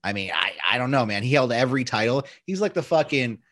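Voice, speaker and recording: A man's voice: medium pitch, animated, fast, a bit bright, dry recording, clean studio sound. A man hosting a casual podcast chat, loose and profane, often slipping into mock voices. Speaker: podcast host.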